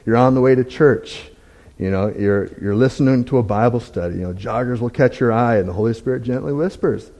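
Man, church testimony; warm, mellow voice, candid and self-deprecating, halting and conversational. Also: medium pitch, creaky. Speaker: church member giving a testimony. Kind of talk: conversational sermon talk.

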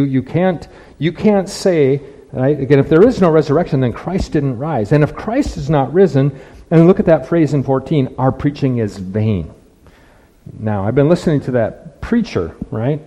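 A man's voice: medium pitch, warm tone, big-room sound, rough recording. A man preaching a conversational sermon as pastor, restarting phrases and asking rhetorical questions.

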